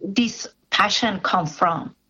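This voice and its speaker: A woman interviewing, asking questions in a gentle, attentive way. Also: medium pitch, slow, breathy edge, muffled recording. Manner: gentle, attentive, many soft affirmations. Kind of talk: interview questions, soft backchannels.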